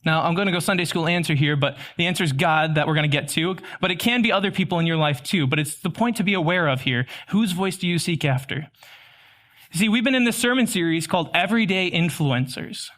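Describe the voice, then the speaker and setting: A man's voice: fairly high pitch, expressive, fast talker, a bit bright. A young man giving a sermon in a casual, chatty way, with self-deprecating humor. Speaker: preacher.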